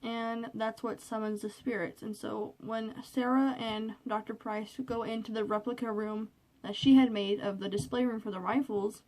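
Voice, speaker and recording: A woman's voice: on the high side, little pitch movement, normal speed, darkish tone. A woman vlogging alone in her bedroom into a cell phone, chatty and rambling with lots of fillers, a little nervous. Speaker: vlogger reviewing a movie. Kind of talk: casual chat.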